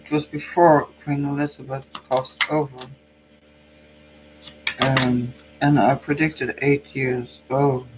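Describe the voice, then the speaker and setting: A man's voice: mid-range voice, flat delivery, slow pace, background noise. A Norwegian man with a cold, speaking English as a second language, who muses hesitantly and thinks aloud while giving a tarot card reading. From Norway. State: has a cold. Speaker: psychic channel host.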